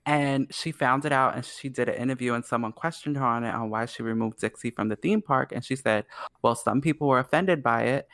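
A man's voice: mid-range voice, fairly even intonation, a little fast, few pauses, fairly bright tone, dry recording. A man in casual podcast chat, telling a story in a chatty way.

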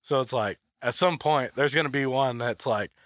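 A man in casual conversation, rambling loosely and leaning on "like" as he goes. His voice sits at an ordinary middle pitch. The recording is dry and close, with no room sound. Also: moderate pace, a bit bright, dry recording. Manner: rambling, heavy use of "like", laughs often. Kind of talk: casual chat.

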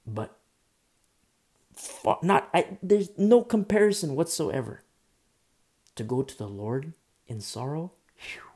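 A man's voice: fairly high pitch, expressive, slow, long pauses, darkish tone. A man preaching a sermon in an impassioned way, repeating himself, restarting phrases and making asides to the congregation.

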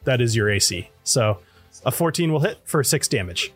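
A man running a tabletop game as game master, relaxed, laughing often and searching for words. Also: mid-range voice, normal speed, slightly rough, faint music behind.

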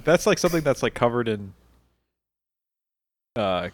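A man co-hosting a podcast, chiming in with quick comments during casual chat. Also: mid-range voice, sing-song, dry recording. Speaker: podcast co-host.

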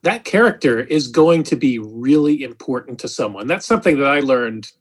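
A man's voice: mid-range voice, animated, normal speed, husky. A man co-hosting a podcast, speaking earnestly with frequent fillers. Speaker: podcast co-host. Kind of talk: casual podcast chat.

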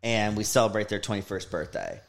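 A man's voice: lowish voice, big pitch swings, a little fast, gravelly. A man, the host's brother, reminiscing in a casual podcast chat and laughing easily.

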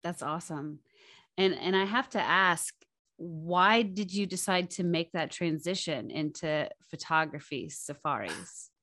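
A woman's voice: on the low side, expressive, measured pace, a bit bright, no echo, clean studio sound. A woman hosting an interview, upbeat and friendly in her questions. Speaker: podcast host.

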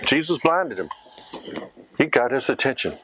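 A man's voice: mid-range voice, big pitch swings, normal speed, sharp tone, a little hiss or hum. A man preaching a sermon, questioning the congregation and acting out scripture scenes.

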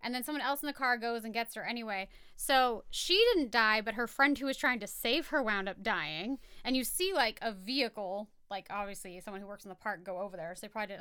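A woman with a bright, smooth, clear voice sitting a touch high, chatting casually on a podcast. She rambles bluntly from one story to the next and swears freely. The sound is dry and close. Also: animated, brisk, few pauses, no room sound. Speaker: podcast co-host. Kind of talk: casual chat.

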